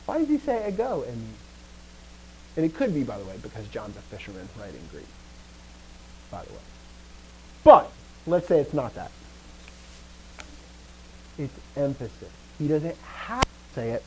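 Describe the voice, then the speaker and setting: A man teaching Greek grammar to a class, lively, putting questions to his students and often dropping to a quiet trailing voice. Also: fairly high pitch, normal speed, low-quality recording. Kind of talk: classroom lecture.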